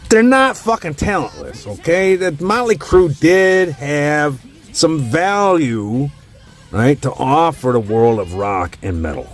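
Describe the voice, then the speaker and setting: A man's voice: a little high, sing-song, takes it slowly. A man casually ranking music in a profane, opinionated rant. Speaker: host.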